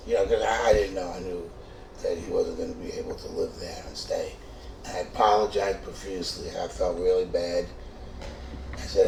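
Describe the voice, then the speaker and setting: A middle-aged man with a low, gravelly voice tells a funny true story at a moderate pace, swearing freely and animated as he stumbles through restart after restart. The recording sounds echoey, with a distant mic and faint noise.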